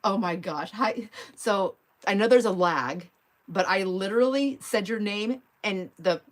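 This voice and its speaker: A woman's voice: medium pitch, unhurried. A middle-aged woman hosting a live art stream, chatting in a rambling way and laughing often as she talks to viewers while she crafts. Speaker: mixed media art livestream host.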